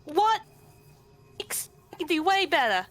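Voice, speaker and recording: A woman's voice: extremely high pitch, sing-song, drawn-out words, fairly bright tone. A woman playing a tabletop role-playing game, eagerly describing her character's stunts. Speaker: player. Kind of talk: casual tabletop play.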